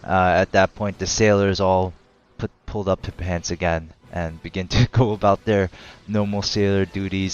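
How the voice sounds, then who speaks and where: A man's voice: low-pitched, steady tone, moderate pace, dull audio. A man narrating as game master of a tabletop game, laid-back and hesitant, often laughing.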